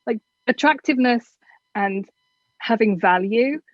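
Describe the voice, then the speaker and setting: A woman's voice: on the high side, a little slow, no room sound, highs cut off. A woman from England with a generic southern English accent, giving frank, chatty advice as an interview guest. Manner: frank, chatty, self-deprecating.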